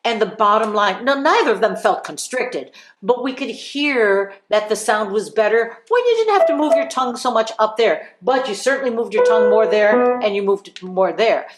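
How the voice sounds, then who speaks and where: A woman's voice: on the high side, expressive, moderate pace, reverberant, heavy background noise. A woman voice teacher coaching students through vowel exercises, encouraging them and singing examples. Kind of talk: live group voice lesson.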